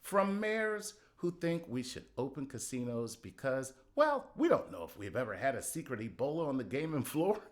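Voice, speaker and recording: A man's voice: mid-range voice, very animated, normal speed, few pauses. A middle-aged man doing a sarcastic comedy monologue, punchy, with sudden outbursts.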